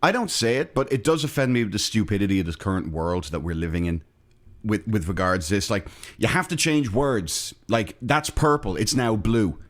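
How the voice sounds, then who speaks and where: A man's voice: fairly low pitch, normal speed. A man co-hosting a podcast, giving opinionated, joking rants in casual chat. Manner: opinionated, joking, lively ranting. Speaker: podcast co-host.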